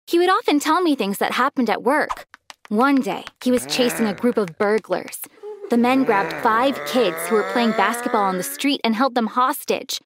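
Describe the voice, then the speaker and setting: A woman narrating a first-person story with an emotional, dramatic delivery. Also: fairly high pitch. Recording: noisy recording.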